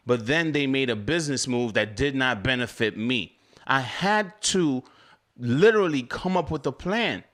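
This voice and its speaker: A young man telling his story as a delivery driver in a casual live-stream chat, animated and climbing higher when he gets heated.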